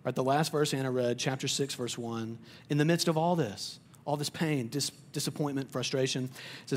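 A male pastor preaching a sermon in a conversational way. He often repeats words as he starts sentences, and he drops to a quiet, soft voice on tender points. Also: medium pitch, moderate pace, slight background noise.

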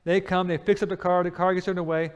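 A man preaching a sermon and presenting a Bible series, telling lively everyday stories, acting out the people in them and putting questions to his listeners. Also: sits high, fast talker, clean tone. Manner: animated storytelling, acts out everyday scenes and voices, asks the listeners questions. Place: church sanctuary. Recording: long reverb of a church hall.

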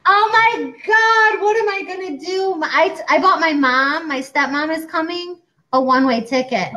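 High-voiced gal in her 40s, chatty and animated, casual co-host talk. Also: normal speed, low-quality recording. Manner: chatty and animated, acting out quoted doctors. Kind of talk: casual chat.

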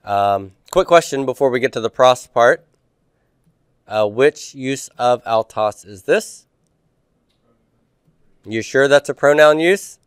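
Male teacher, clear resonant voice, patient quizzing style, dry close sound. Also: medium pitch, animated, takes it slowly, long pauses, dry recording. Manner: quizzing students with questions, patient. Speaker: Greek teacher. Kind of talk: classroom homework review.

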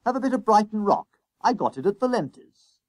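A man's voice: sits high, sing-song, brisk, no echo, pitched above the performer's own voice. A man putting on an eager, boastful young schoolboy.

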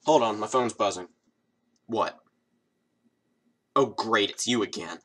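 A man's voice: on the low side, fairly quick, breathy edge. Sarcastic young male comedy vlogger. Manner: sarcastic, self-mocking deadpan. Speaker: comedy video host. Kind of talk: scripted comedic monologue.

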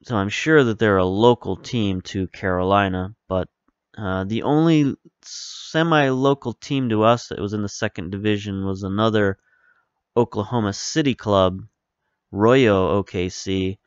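A lower-pitched man with a smooth, clear voice talks his way through a management game in a loose, rambling way, often stopping to correct himself mid-sentence. He is close to the mic in a dry room, and the sound is a little dull. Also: unhurried, dry recording. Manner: rambling, self-correcting, relaxed. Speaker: video game let's-play host. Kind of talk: casual commentary over gameplay.

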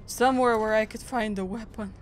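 A woman's voice: on the high side, steady tone, a little fast, slight background noise. A woman from Europe hosting a gaming channel, reacting aloud and chatting through a let's play. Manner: chatty, reacting aloud, frequent small laughs.

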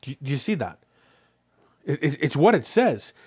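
A Canadian man preaches as pastor with a slightly high, breathy-edged voice at a moderate pace. After telling a story, he drives points home with repeated rhetorical questions, preaching animatedly and getting loud on what matters most.

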